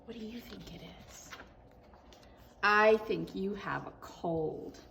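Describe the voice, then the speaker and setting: A woman reading as a kindly cat doctor from a picture book, calm and matter-of-fact. The voice moves slowly and stays unhurried over every line. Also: medium pitch, creaky, recorded from a distance, slight background noise, voice pushed down, exaggerated voice. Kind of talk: storybook read-aloud.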